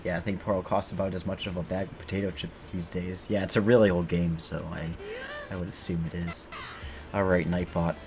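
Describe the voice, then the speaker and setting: A man's voice: low-pitched, level tone, a little fast, background noise. A man streaming a game, chatting casually and rambling, joking and swearing freely as he plays. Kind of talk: casual gameplay commentary.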